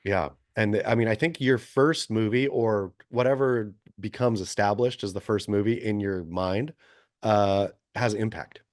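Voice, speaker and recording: A man's voice: fairly low pitch, unhurried, a little mellow, dry recording, clean studio sound. A man in his forties co-hosting a podcast, chatting casually and rambling through opinionated asides with frequent self-corrections. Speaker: podcast co-host. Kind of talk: casual chat.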